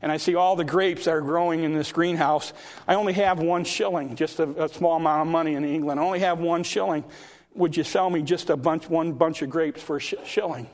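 Male reader as a humble, soft-spoken pleading mother. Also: a little high, steady tone, fairly quick, lightly acted.

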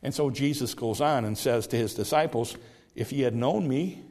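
A man preaching a sermon, earnest, who repeats words as he builds a point and slows down to stress key phrases. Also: mid-range voice, darkish tone.

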